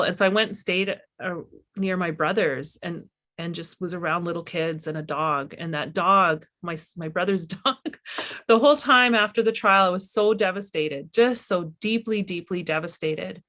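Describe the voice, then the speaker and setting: A middle-aged woman talks about her work in a slightly low voice. She is candid and halting, restarting her sentences often as she reflects. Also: fairly bright tone. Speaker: filmmaker guest. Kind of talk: reflective conversation.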